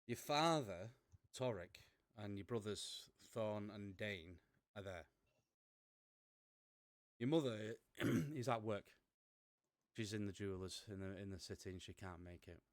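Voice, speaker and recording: Low voiced guy game-mastering, kinda rambly, dry sound, faint music. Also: animated, measured pace, long pauses, no echo. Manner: rambling, self-correcting. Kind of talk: narrating a tabletop game.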